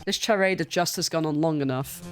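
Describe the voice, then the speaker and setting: A woman's voice: low-pitched, a little fast, over music, close to an everyday voice. A woman reading the lines of a cold, haughty male prosecutor who speaks curtly and dismissively in a game. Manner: curt and dismissive.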